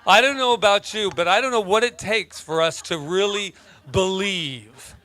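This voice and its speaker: A man preaching a casual sermon as pastor, telling stories in an animated, joking way. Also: sits high, normal speed, slight background noise. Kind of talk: conversational sermon.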